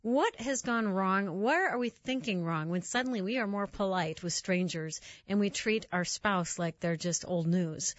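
A woman's voice: mid-range voice, moderate pace, hardly any pauses, no room sound. A woman in her fifties hosting a radio interview, asking earnest, reflective questions. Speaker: radio show host. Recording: dull, dry radio studio sound.

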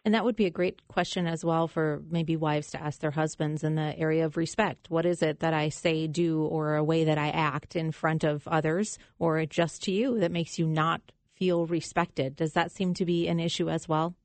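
A woman hosting a radio interview, asking calm follow-up questions. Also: low voice, moderate pace, hardly any pauses, dry recording. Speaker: radio show host.

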